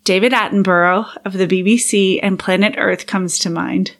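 A woman's voice: medium pitch, fairly even intonation, normal speed. A woman hosting a podcast for teachers, talking in a friendly, encouraging way with occasional whispered asides. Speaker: podcast host and coach for teachers. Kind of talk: casual solo podcast monologue.

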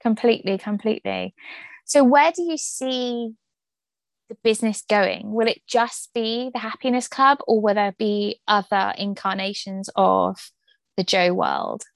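A woman's voice: mid-range voice, expressive, a little slow, creaky, dry recording. A woman hosting an interview, chatty and joking, often poking fun at herself. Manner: chatty, joking, self-deprecating. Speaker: interview host. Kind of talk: casual interview chat.

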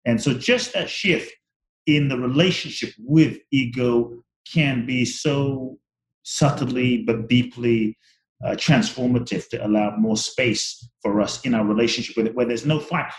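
A man in his forties talking slowly and reflectively about the ego in a spiritual conversation, often repeating words as he thinks. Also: medium pitch, echoey room, low-quality recording. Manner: slow, searching, repeats words while thinking.

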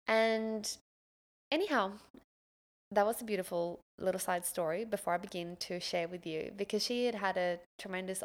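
Podcast host, woman, 30s, gravelly edge, animated and emotional personal storyteller. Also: lowish voice.

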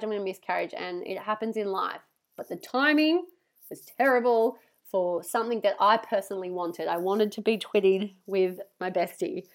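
Young woman, podcast host, casual monologue, candid, swears, animated retellings, stuffy nose. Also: a little high, fairly quick. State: snotty nose from crying.

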